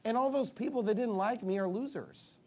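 Guy preaching casually, fairly high voice, keeps acting out what people said to him. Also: brisk. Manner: animated storytelling, mimicking others' reactions. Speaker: pastor. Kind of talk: casual conversational sermon.

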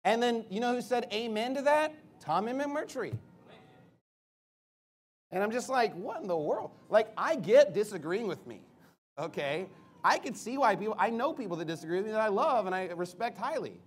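A man, a pastor, preaching in a defensive, emphatic way, firing rhetorical questions and rising to loud outbursts. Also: high-pitched, very animated, normal speed, slightly rough.

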